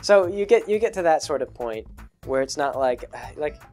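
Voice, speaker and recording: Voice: medium pitch, expressive, normal speed, a little mellow, faint music behind. A video creator answering patron questions in a casual, rambling monologue full of fillers and restarts. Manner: acts out quoted people in a raised voice.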